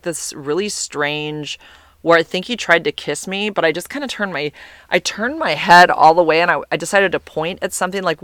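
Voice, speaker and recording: A woman's voice: on the low side, fairly bright tone, clear, resonant tone, dry recording. A woman spins a long personal story in a loose, rambling way. She swears freely, often restarts mid-sentence and slips into the voices of the people she quotes. The sound is close and dry, with no room around her.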